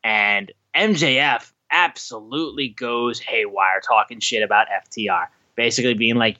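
A man co-hosting a podcast in casual chat, animated and swearing freely as he recaps shows. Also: mid-range voice, moderate pace, hardly any pauses, no echo, lo-fi sound. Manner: animated, swearing, acts out quotes. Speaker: podcast co-host.

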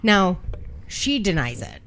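Woman, podcast co-host, casual true-crime chat, wry, swears freely, slightly low voice. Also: wildly swooping pitch, takes it slowly, fairly bright tone, slight background noise. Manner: profane, wry storytelling. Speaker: emergency dispatch worker.

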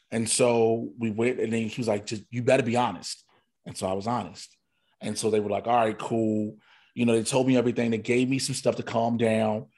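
A man's voice: mid-range voice, a little mellow. A man, a guest comedian, candidly telling a personal story in a casual podcast conversation, quoting himself and others as he goes.

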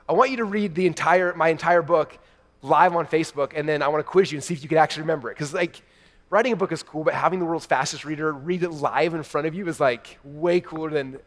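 A man in his thirties giving an energetic keynote to a large live audience, telling stories excitedly and talking to the crowd as "you guys". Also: a little high, quick pace, in a large hall. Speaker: keynote speaker. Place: large event hall before a live audience.

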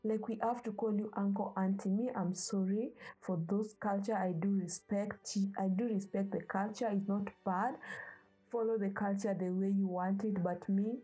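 Young woman from africa, pleading and heartfelt, breathy mellow tone. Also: mid-range voice, fairly even intonation, moderate pace, soft background music, poor audio. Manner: impassioned, pleading. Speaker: speaker sharing personal views. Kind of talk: earnest personal talk.

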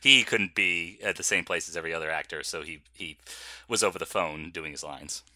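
A man's voice: low voice, brisk, bright, forceful tone. A man co-hosting a film podcast, chatty and laughing often, with frequent restarts. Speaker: podcast co-host. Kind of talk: casual film chat.

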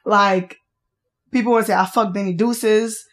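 A woman's voice: mid-range voice, fairly even intonation. A young woman from Haiti with a Haitian accent, chatting frankly and playfully as a podcast guest. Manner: blunt, frank and playful, quick bursts. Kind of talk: casual chat.

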